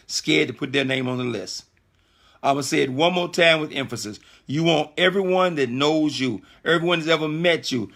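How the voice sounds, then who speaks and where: A middle-aged man hosting a conference call, giving an emphatic, repetitive, preacher-like motivational sales pitch. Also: creaky, pushed and bright.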